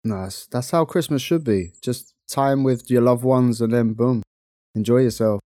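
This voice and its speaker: A young man with a London accent, co-hosting a casual podcast chat, chatty and quick to laugh. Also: medium pitch, dark tone, no room sound, clean studio sound. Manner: chatty, laughs often, playful. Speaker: podcast co-host.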